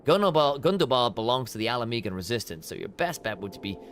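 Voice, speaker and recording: A man voicing a calm male officer, reading game dialogue aloud in a measured, explanatory way. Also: medium pitch, slight background noise, lightly acted.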